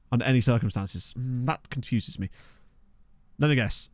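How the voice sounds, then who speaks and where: A man casually commenting on a football management game he is playing, chatty and excitable, reacting aloud and talking to his chat. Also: mid-range voice, normal speed, no room sound. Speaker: streamer. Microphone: desk microphone.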